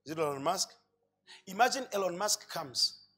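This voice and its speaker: A man preaching a sermon, telling a long story and swinging between loud shouting and quiet, hushed asides. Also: high-pitched, lively intonation, moderate pace.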